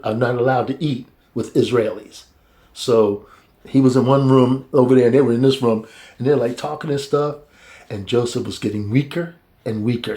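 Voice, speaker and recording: A man teaching a Bible study, retelling the story casually and acting out the characters in high, excited voices, laughing often.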